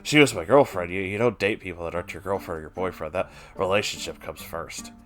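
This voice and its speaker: A man's voice: deep voice, fast talker, a bit bright, faint music behind, voice pushed down. A man voicing an awkward, oblivious teenage boy who insists earnestly and stammers. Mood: insistent.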